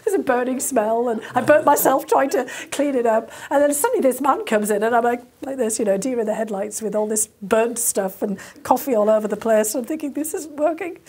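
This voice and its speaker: A woman in her fifties from England, telling animated stories as an interview guest, laughing often and using many fillers. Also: fairly high pitch, a little fast, few pauses. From County Durham, northern England. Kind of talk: conversational interview storytelling.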